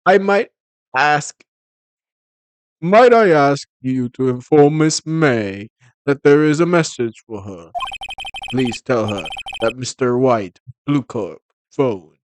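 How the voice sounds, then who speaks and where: A man's voice: mid-range voice, animated, slight background noise, voice pushed down. A man putting on a stiffly polite bellboy. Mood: formal. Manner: stiff, over-courteous, halting. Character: polite formal male hotel bellboy. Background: video game music.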